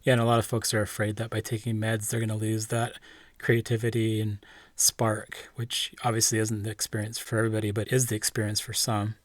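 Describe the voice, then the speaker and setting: A man's voice: lowish voice, monotone, brisk, no echo. A man from Canada hosting a podcast, asking earnest, conversational questions. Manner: earnest, laughs easily, conversational. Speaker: podcast host. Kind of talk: casual interview questions.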